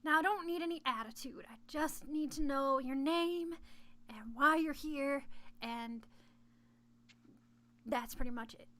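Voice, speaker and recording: A woman voicing a male human city guard who is halting, apologetic and blunt. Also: sits high, pushed and bright.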